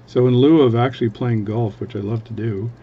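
A man's voice: medium pitch, steady tone, a little fast, husky, highs cut off. A man from Canada, a watchmaker, chatting casually at his workbench in a rambling, self-interrupting way. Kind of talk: casual chat.

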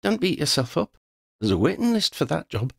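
A man reading the part of a brisk, no-nonsense young woman in an audiobook, with a wry delivery. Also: on the high side, sing-song, gravelly, no room sound, studio quality, voice pushed up, exaggerated voice.

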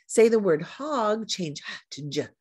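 A woman's voice: mid-range voice, very animated, a little slow, darkish tone, slightly rough. Woman teaching speech sounds. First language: Spanish. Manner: demonstrates speech sounds, coaching tone. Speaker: literacy educator. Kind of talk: teaching presentation.

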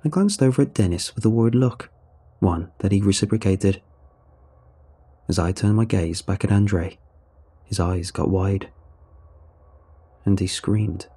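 A man narrating a horror story in a measured, grave storytelling manner. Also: fairly low pitch, mellow, slightly rough.

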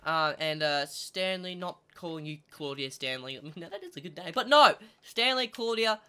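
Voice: mid-range voice, normal speed, clean tone. A gaming channel host, chatting through gameplay commentary and talking to the animals in the game. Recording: steady background noise.

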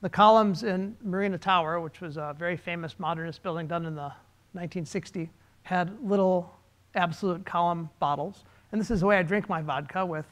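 A man, a designer, giving a relaxed, conversational presentation with slides, pausing with fillers. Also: a little high.

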